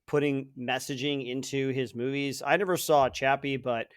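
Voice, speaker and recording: A man's voice: mid-range voice, normal speed, dry recording, studio quality. A man co-hosting a podcast, casually retelling a film plot with lots of fillers and restarts. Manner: rambling, animated retelling with filler words. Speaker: podcast co-host. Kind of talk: casual chat.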